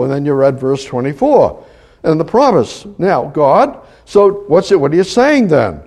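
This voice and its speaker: High-voiced preacher, animated and halting. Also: male voice. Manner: animated, swings between loud exhortation and hushed low asides; halting restarts and repeated words. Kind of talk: sermon.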